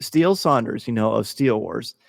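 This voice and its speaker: A man hosts a casual podcast chat, telling his story with eager, gushing excitement. His voice sits at an ordinary middle pitch. It is close and dry, yet a long reverb trails behind it. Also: brisk, creaky. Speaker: podcast host.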